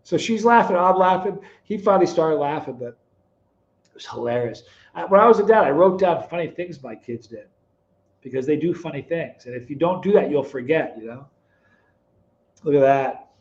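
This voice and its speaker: A middle-aged man hosting a live stream, reading chat comments aloud, teasing viewers by name and telling stories in a relaxed, chatty way. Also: a little high, normal speed, muffled recording. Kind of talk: casual chat.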